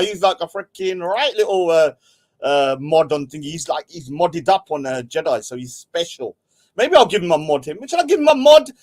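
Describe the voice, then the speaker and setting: A middle-aged man, casually rambling and joking while he hosts a livestream and reads out chat. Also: on the high side. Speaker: livestream host.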